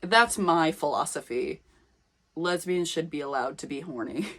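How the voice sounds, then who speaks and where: Casting: young woman, lowish voice, dry self-mocking vlogger reading old fan fiction aloud. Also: expressive, measured pace, a bit bright. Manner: sarcastic, self-mocking asides between read passages. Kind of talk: comedic reading with commentary.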